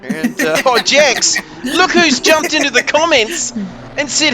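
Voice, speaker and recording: A man doing excitable, joking play-by-play commentary on a sim race. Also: very high-pitched, measured pace, slight background noise.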